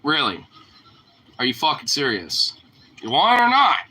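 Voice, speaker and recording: Bright, lively young man teasing his dog. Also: medium pitch, normal speed, rough recording. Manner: teasing, swears freely, laughs often. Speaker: vlogger. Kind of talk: casual chat to his dog.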